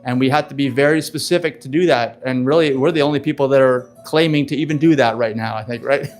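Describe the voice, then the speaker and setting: A man's voice: medium pitch, fast talker, faint music behind. A man in his fifties hosting a live event presentation, talking in an upbeat, chatty, loose and rambling way. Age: 50s. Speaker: event host.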